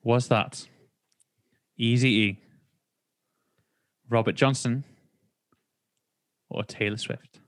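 A man's voice: mid-range voice, fairly even intonation, extremely slow, pauses often, no room sound. A man hosting a casual podcast chat, playfully teasing the others as he reads out quiz questions. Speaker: podcast host.

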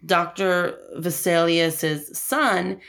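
A woman on a podcast walks through a film's plot in loose, chatty talk. She tells it with animated energy and a free mouth, swearing casually as she goes. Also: fairly low pitch, drawn-out words, creaky. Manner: animated storytelling, swears freely. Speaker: podcast co-host recapping a film. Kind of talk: casual chat.

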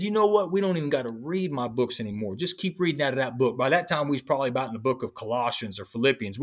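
Husky, animated man telling his faith story. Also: mid-range voice. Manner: animated storyteller, acts out quoted speech. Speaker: interview guest. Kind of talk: testimony in a podcast interview.

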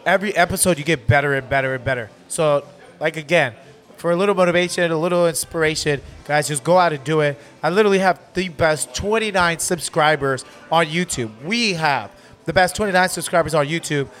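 A man's voice: a little high, brisk. Upbeat man hosting a podcast at a bar. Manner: animated, motivational, says literally a lot. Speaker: podcast host. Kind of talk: casual chat.

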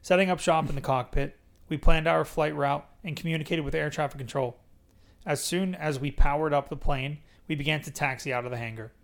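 A man's voice: a little high, fairly even intonation, a little fast, vocal fry. A man hosting a podcast, reading a memoir aloud in a casual way and stopping to joke about it. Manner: reads plainly, breaks off to joke. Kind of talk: casual read-aloud with banter.

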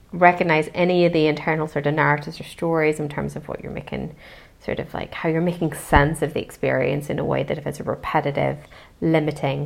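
A woman hosting a self-help podcast, talking in a gentle, searching way with many pauses and soft hedges. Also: low-pitched, vocal fry. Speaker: podcast host. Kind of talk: reflective self-help monologue.

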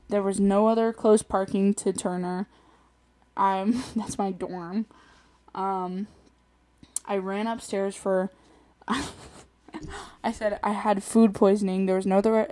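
Young female solo host, casual chatty storyteller, quick laughs, animated rants. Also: mid-range voice. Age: young adult. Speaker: podcast host.

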